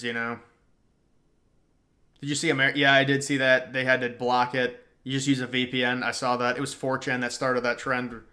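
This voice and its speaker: A man's voice: medium pitch, bright, forceful tone. A young man hosting a livestream, reading chat and replying in a loose, slangy way. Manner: casual, slangy, reacting to chat and trailing off. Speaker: livestream host. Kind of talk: casual political livestream chat.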